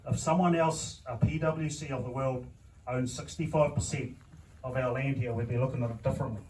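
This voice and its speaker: A man with a New Zealand accent giving a deliberate speech as a council candidate, often checking in with "okay?". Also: mid-range voice, steady tone, darkish tone. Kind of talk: public meeting speech. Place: club hall at a public meeting. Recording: distant mic with faint noise.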